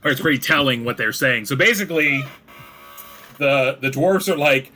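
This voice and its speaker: Bright-voiced man running a tabletop game. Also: mid-range voice, moderate pace, faint music behind. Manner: casual, rambling descriptions. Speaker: game master.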